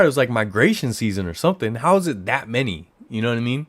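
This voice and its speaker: A man from the Bay Area of California hosting a livestream, chatting casually and rambling, his voice jumping up high when he gets excited. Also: fast talker, no echo. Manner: rambling storyteller who jumps to high excited exclamations. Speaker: livestream host.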